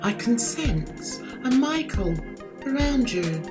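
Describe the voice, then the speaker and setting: A woman imitating a female psychic who speaks in slow, hushed, soothing reassurances. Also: a little high, sing-song, over music.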